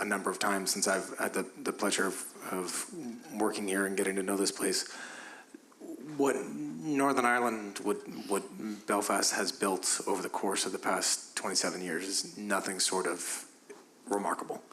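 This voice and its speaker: A man speaking on a panel, casual with halting starts, then building to emphatic encouragement of the audience. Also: sits low, pushed and bright, a little hiss or hum, low-quality recording. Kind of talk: informal panel remarks.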